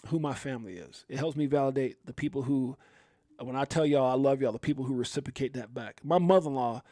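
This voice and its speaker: Middle-aged man, livestream host, emotional and rambling, mid-pitched voice, dry close sound. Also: darkish tone, no echo. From California. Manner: rambling, emotional, repeats himself. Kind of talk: heartfelt livestream talk to viewers.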